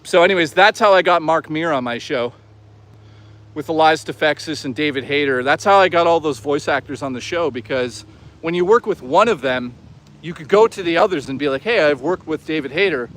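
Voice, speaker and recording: A man's voice: fairly high pitch, animated, brisk, a bit bright. A man live-streaming outdoors, chatting casually, swearing freely and reading out chat. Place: outdoors on an urban trail.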